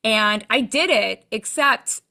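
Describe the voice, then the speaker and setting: Bright, animated woman telling stories. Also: on the high side, slow pace, gravelly. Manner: animated storyteller, acts out quoted lines. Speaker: TV show judge, interview guest. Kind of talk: casual interview chat.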